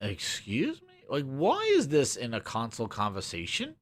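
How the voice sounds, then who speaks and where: A man streaming games, ranting and sarcastic as he reads a web page aloud, muttering low over the text and swearing when he gets worked up. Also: wildly swooping pitch, normal speed. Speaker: gaming streamer. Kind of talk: ranting commentary while reading a web page.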